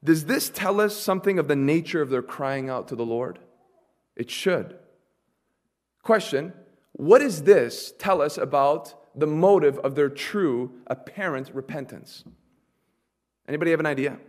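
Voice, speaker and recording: A man with a fairly high voice preaches a sermon. He asks the congregation questions and waits for their answers. He moves from soft, low asides to loud, emphatic declarations. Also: animated, a little slow. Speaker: pastor.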